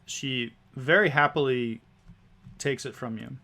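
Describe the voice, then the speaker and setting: A man runs a tabletop game as its game master. He sets each scene in a medium voice and talks at an unhurried pace. He sometimes trips over a word and restarts. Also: medium pitch, vocal fry. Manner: relaxed scene description with small restarts.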